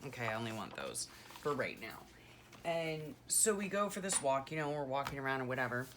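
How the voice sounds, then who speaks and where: A woman's voice: rumbling low, big pitch swings, a little fast, fairly bright tone, a little hiss or hum. A middle-aged woman chatting casually and rambling through a story, full of "you know" and "like", as a journaling vlogger.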